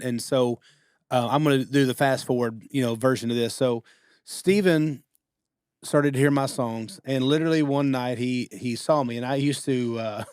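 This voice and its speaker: A man's voice: mid-range voice, a little mellow, no room sound, clean studio sound. Chatty man hosting a podcast. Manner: chatty, laughs easily while telling anecdotes. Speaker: podcast host. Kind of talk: casual podcast conversation.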